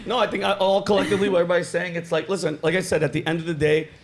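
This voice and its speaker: A man's voice: high-pitched, level tone, rapid-fire, a crowd in the background. A man on a podcast panel giving blunt, laid-back advice, swearing freely. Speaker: panel guest. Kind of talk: casual panel chat.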